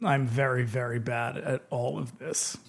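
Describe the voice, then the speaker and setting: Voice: mid-range voice, steady tone, unhurried, gravelly. A podcast co-host chatting casually about a film, throwing in wry, sarcastic asides and reading out notes.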